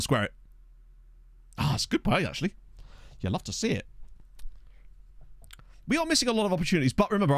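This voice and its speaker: Brief: young streamer calling his game live, chatty and joking, voice rising and falling a lot, slightly high-pitched, dry close mic. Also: no echo. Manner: chatty, joking, reacting to play. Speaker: gaming streamer. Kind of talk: live football game commentary. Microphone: studio USB microphone.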